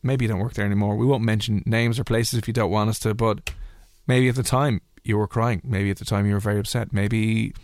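A man's voice: fairly quick, few pauses, dry recording, clean studio sound. A man hosting a casual radio chat, telling stories animatedly and acting out what others said. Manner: animated storytelling, voices others with big pitch jumps. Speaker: radio host.

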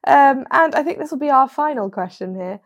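Teasing young woman with a gravelly edge. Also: high voice, lively intonation, brisk, highs cut off. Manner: teasing and giggly. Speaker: podcast co-host. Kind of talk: casual chat.

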